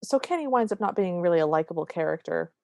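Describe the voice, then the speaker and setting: A woman's voice: lowish voice, fast, gravelly, dry recording, studio quality. A woman co-hosting a podcast, retelling a movie scene by scene in casual chat and acting out the characters' lines. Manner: animated retelling with quoted lines. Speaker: podcast co-host.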